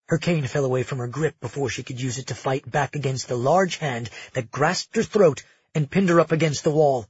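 A man narrating a fantasy audiobook in a measured, even storytelling manner with a husky voice. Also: mid-range voice, dull audio.

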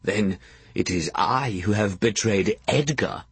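A man voicing a melodramatic old blind earl in an audiobook, croaking and lamenting slowly. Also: on the low side, no room sound, pitched below the performer's own voice, full character voice. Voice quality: croaking, theatrical wailing. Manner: slow, drawn-out lamenting. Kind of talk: audiobook character voice.

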